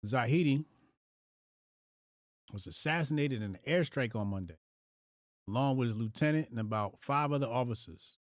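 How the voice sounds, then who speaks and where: A man's voice: mid-range voice, expressive, normal speed, long pauses, no echo, studio quality. A man hosting a casual live stream, reacting aloud to headlines in loose slang. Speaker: livestream host.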